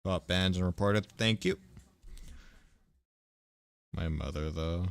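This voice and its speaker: A young man chats casually while gaming, rambling from joke to joke and laughing easily. His voice is deep and his pace slow. The sound is dry and close. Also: vocal fry, clean tone, dry recording. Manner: rambling, joking, laughs often. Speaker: streamer.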